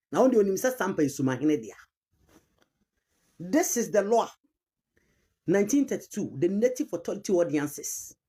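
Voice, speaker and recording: In argumentative online commentary on chieftaincy history, a woman with a Ghanaian accent makes her case emphatically, repeating key terms and mixing languages. Her mid-range voice is a bit bright and slightly rough.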